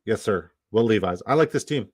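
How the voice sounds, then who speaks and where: A man's voice: on the low side, expressive, fairly quick, darkish tone, slightly rough, no room sound. A man from Canada hosting a live stream in casual chat, rambling, swearing and repeating himself.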